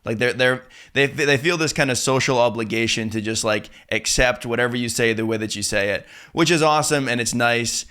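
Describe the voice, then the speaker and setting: A man's voice: mid-range voice, brisk, few pauses, smooth. A man hosting an interview, chatting casually and loosely with lots of "like", sometimes acting out quotes. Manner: relaxed and chatty, many "like" fillers, acts out quotes. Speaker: interview host.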